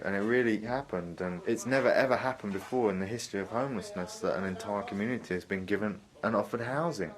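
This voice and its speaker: A man with a notably low voice gives a commentary on a film he made. He speaks thoughtfully and often pauses to search for the right words. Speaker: filmmaker giving a commentary track. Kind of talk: reflective commentary.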